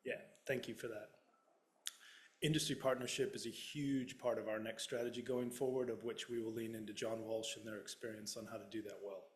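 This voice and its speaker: A man's voice: on the low side, fairly even intonation, fairly quick. A man moderating a panel discussion, talking in a frank, joking way with casual swearing.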